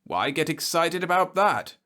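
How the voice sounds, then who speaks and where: A frail, pampered young man from the city, speaking in a tired, plaintive drawl with a faintly haughty air, as a man reading the story voices him. His lines rise and fall in lively, uneven swings. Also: on the high side, measured pace, voice pushed up. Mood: weary, mild. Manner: listless, plaintive, mildly haughty.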